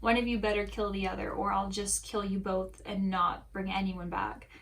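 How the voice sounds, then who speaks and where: A woman's voice: mid-range voice, flat delivery, normal speed, a bit bright, lightly acted. Woman reading as a mocking, impatient god villain. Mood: taunting. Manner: taunting, snapping in frustration.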